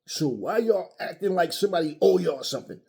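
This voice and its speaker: Angry, husky-voiced man ranting. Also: high-pitched, animated, brisk, a little mellow. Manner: angry, profane, mocking. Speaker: boxing commentary channel host. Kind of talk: heated opinion rant.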